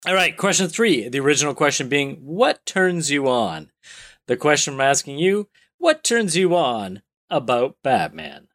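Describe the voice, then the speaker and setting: Male podcast host, slightly high voice, lively delivery, joking and quizzing his co-hosts. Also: unhurried. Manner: animated, joking, asks questions. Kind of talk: casual chat.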